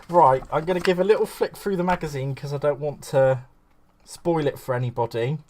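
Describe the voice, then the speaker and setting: A man's voice: a little high, warm tone. Chatty man gushing over crafts. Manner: gushing, rambling, greets viewers fondly. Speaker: craft livestream host. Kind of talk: chatty live crafting stream.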